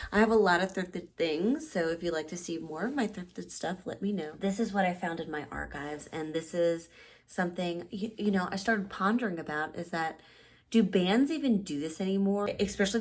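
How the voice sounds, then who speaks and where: A woman in her thirties casually showing keepsakes to the camera, rambling with restarts and sounding nostalgic and softly sentimental. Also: lowish voice. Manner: softly sentimental, near tears at times; sleepy late-night talk. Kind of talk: casual show-and-tell chat.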